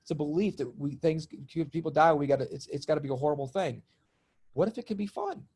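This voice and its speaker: A middle-aged man telling personal stories in conversation, lively and laughing often, acting out the voices of people in them. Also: on the high side, quick pace, husky. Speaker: guest, spiritual comedian and healer. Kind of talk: animated storytelling in conversation.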